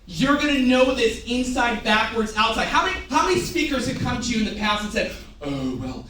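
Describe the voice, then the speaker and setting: A man's voice: very high voice, expressive, brisk, hardly any pauses, pushed and bright, a little hiss or hum. A man giving a live sales training talk in a theatrical way, having the audience repeat phrases back to him. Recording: echoey room, picked up from a distance.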